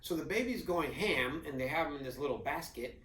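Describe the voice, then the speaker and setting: A man's voice: fairly high pitch, animated, a little fast, fairly bright tone, recorded from a distance. A young adult man co-hosting a casual chat, telling a story playfully with jokes and acted-out quotes. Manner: playful, joking, acts out quotes. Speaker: co-host. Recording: echoey room, a bit off the mic.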